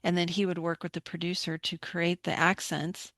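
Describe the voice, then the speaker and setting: A woman's voice: on the low side, little pitch movement, normal speed, fairly bright tone, no room sound, studio quality. A woman podcast host and indie author asking an interview guest friendly, thoughtful questions.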